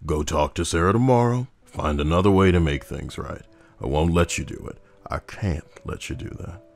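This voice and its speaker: A man voicing a stern old male farmer grandfather with a rough, crackling voice in a horror story. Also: deep voice, expressive, fairly quick, a little mellow. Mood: somber. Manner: scolding, firm.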